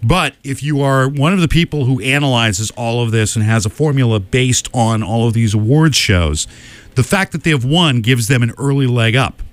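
A man co-hosting a casual podcast chat, listing award winners with quick opinions and frequent "uh" fillers. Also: medium pitch, no echo. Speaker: podcast co-host.

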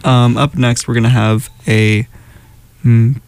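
A man's voice: mid-range voice, little pitch movement, takes it slowly, creaky, a little mellow, clean tone. A man hosting a radio show in casual chat, scattered and apologetic as he introduces the songs. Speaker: radio host.

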